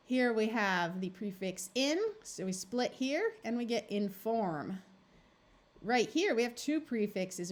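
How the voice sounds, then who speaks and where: A woman tutor walks through a reading lesson at a patient, steady pace. She sounds out words and their parts clearly. Her voice sits at an ordinary middle pitch. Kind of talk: recorded phonics lesson.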